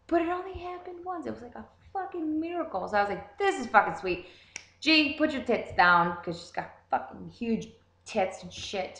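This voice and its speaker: A young woman telling a story in a casual, animated way, swearing constantly. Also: medium pitch. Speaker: vlogger. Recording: roomy echo.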